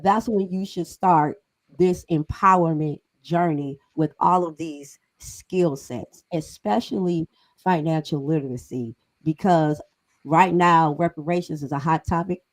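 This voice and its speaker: A woman's voice: deep voice, a little slow, low-quality recording. Emphatic middle-aged woman talk-show host. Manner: conversational, emphatic, preachy. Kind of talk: casual panel talk.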